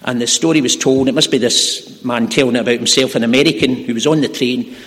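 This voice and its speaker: A man preaching a sermon in a church, telling stories earnestly and slowing down to stress key words. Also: mid-range voice, steady tone, a bit bright. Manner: earnest, slows for emphasis. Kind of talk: sermon with storytelling. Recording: long hall reverb.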